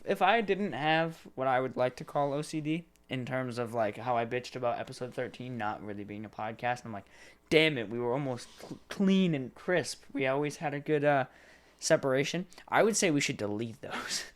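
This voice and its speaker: A man co-hosting a podcast in casual chat, chiming in with quick remarks and frequent laughs. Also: medium pitch, lively intonation. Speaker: podcast co-host.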